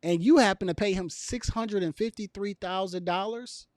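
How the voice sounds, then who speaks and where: A man's voice: high-pitched, normal speed, a little mellow, no echo, clean studio sound. A man giving casual opinion commentary to camera, emphatic and repetitive, with chuckles between his points. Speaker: video commentator.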